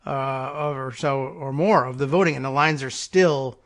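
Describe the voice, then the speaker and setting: A man's voice: mid-range voice, moderate pace. A man co-hosting a podcast in casual chat, hesitant, with frequent short replies. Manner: hesitant, lots of restarts and short back-channel replies.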